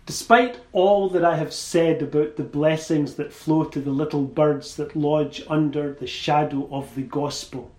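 A man preaching a sermon in slow, measured phrases that rise into emphatic repeated calls. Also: on the high side, fairly even intonation, mellow, reverberant.

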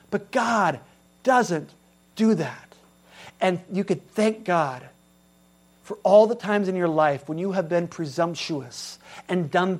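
A male pastor delivers an earnest sermon. He shifts between raised exclamations and hushed, quiet passages, speaking with steady conviction. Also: sits high.

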